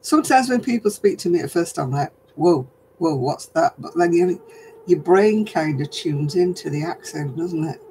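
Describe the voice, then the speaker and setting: An older woman from northern England with a softened regional accent, hosting a casual craft live stream, chatting with viewers and chuckling often. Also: on the low side, lively intonation, moderate pace, slight background noise, rough recording. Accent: softened northern English. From Oldham, England. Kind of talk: casual chat answering viewer comments.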